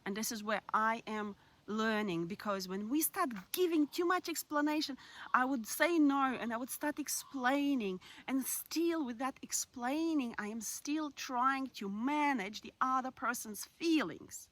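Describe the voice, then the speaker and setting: A woman talking through personal-growth advice in a candid, reflective way, laughing now and then and sometimes dropping to a soft near-whisper. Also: sits high, unhurried. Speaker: self-help speaker. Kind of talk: casual advice monologue.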